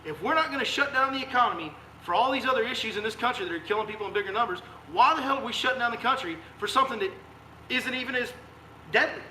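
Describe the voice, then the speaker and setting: Fiery high-voiced man ranting. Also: animated, fast, bright, forceful tone, a little hiss or hum. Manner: fiery, emphatic, repeats rhetorical questions. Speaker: fishing guide and live-stream host. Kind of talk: heated political rant on a live stream. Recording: echoey room sound.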